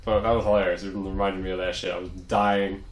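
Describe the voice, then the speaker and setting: A young man co-hosting a casual podcast, telling animated, profane stories. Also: low voice, fairly quick. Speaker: podcast co-host. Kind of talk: casual chat. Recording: echoey room.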